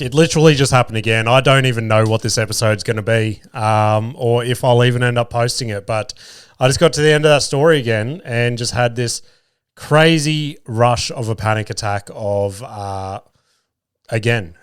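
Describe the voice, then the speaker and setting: A man's voice: mid-range voice, clear, resonant tone, no echo, studio quality. A man hosting a podcast, telling a rambling, sweary story about his week as a cabinet maker. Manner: swears freely, rambling with restarts. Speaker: podcast host. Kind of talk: casual storytelling monologue.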